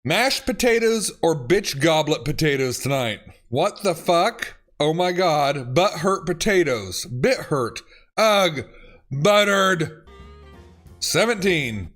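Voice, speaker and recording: A man reads text messages aloud and reacts to them, laughing and cursing as he goes. His pitch sits a little high and leaps around animatedly, though he takes his time. Faint music plays underneath. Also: very animated, slow, a bit bright. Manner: laughs often, reads lines with swearing and exclamations. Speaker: YouTuber reading autocorrect fails. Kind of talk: comedic reading and reacting.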